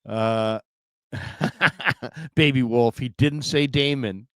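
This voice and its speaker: A man's voice: mid-range voice, drawn-out words, a bit bright, clean tone, no room sound. A man hosting a solo sports livestream, chatting in a rambling, casual way with lots of fillers. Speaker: podcast host.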